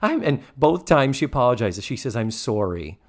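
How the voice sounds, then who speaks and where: Male podcast co-host, lively sitcom recap, swings wide in pitch, salty. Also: moderate pace. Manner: animated, acts out quotes, swears freely. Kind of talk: casual chat recapping a sitcom episode.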